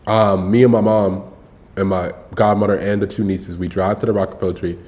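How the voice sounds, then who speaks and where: A man's voice: lowish voice, level tone, fairly quick, darkish tone. A young man streaming, telling a story in a loose, slangy way with lots of swearing. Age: young adult. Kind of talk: casual storytelling livestream.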